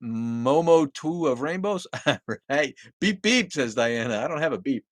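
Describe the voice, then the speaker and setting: A man's voice: mid-range voice, unhurried, no room sound. Coughing man hosting a livestream. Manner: coughs often, swears casually, loud greetings to viewers. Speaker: livestream host. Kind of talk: casual livestream chat reading viewer comments. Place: at home with a dog nearby.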